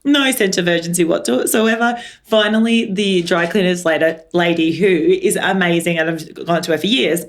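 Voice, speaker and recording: An Australian woman in her thirties, co-hosting a podcast, telling an animated story in casual chat and acting out what people said. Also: fairly low pitch, moderate pace. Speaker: podcast co-host.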